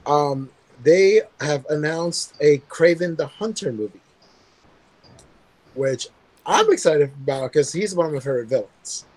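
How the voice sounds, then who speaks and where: A man hosting a casual news podcast, rambling relaxed with plenty of ums and uhs. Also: fairly high pitch, unhurried, poor audio. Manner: relaxed, rambling with many fillers. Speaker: podcast host reading news.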